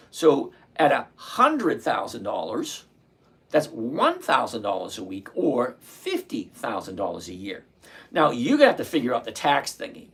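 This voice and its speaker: A man, hosting a casual trading livestream and chatting with viewers by name, relaxed and quick to laugh. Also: mid-range voice, breathy edge. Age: 60s. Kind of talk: casual livestream chat reading viewer comments.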